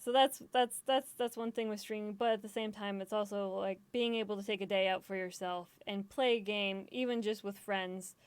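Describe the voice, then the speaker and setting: Woman streamer rambling at her desk mic, swears a lot, laughs at herself, smooth clear voice, dry sound. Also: mid-range voice, steady tone, moderate pace, hardly any pauses, dry recording. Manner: self-deprecating and emotional. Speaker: gaming streamer. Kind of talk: casual chat.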